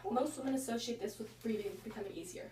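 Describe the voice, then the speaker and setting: A woman's voice: a little high, quick pace, mellow, close to an everyday voice. A teenage girl playing an upbeat female doctor in a school skit. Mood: explaining. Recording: echoey far-off camera audio with noise.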